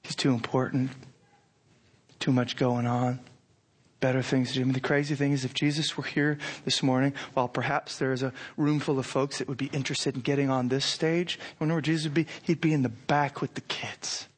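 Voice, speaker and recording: A middle-aged man preaching a sermon, animated, acting out imagined lines with rising intensity. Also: medium pitch, a little fast, breathy edge. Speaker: pastor.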